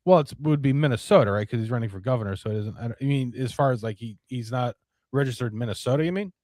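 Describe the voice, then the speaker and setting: Host, man: mid-pitched, rambling and profane, dry close sound. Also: very fast, darkish tone, no echo. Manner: rambling, profane, many fillers. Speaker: podcast host. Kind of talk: casual live-stream chat.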